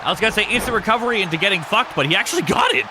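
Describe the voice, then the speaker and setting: A man's voice: sits high, animated, rapid-fire, a crowd in the background, background noise. A man hosting a live game stream, commentating matches and chatting with viewers in a loose, laughing, foul-mouthed way.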